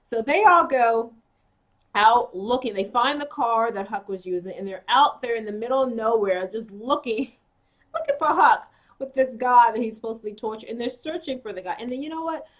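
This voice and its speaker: A woman talks through a TV episode in a relaxed, chatty way. She keeps dropping "you know" and "um" as she goes, and slips into quoting the characters while she retells what happened. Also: on the high side, normal speed. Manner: frequent "you know" and "um" asides. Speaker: TV episode reviewer. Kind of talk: casual episode recap.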